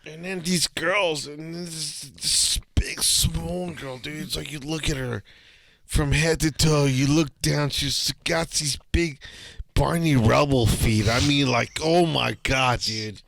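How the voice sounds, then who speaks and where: A man co-hosting a podcast, telling a story in casual chat, animated and profane, jumping into voices as he acts it out. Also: takes it slowly, creaky. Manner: animated, swearing, acts out voices with big pitch jumps. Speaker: podcast co-host.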